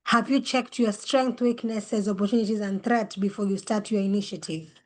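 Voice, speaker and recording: A woman facilitating an online webinar, explaining how pitches are judged through a string of questions, speaking over a video call. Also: steady tone, normal speed. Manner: explains judging criteria with many questions.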